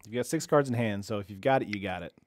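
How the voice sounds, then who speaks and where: A man's voice: on the low side, fast, noisy background. A young man casually commenting while he streams an online card game, chatty and self-deprecating, reading viewers' chat aloud.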